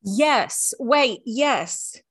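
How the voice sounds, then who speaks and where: A young adult woman co-hosting a podcast, chatting casually and telling animated stories with voiced quotes. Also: on the high side, very slow, no room sound, studio quality. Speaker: podcast co-host. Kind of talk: casual chat.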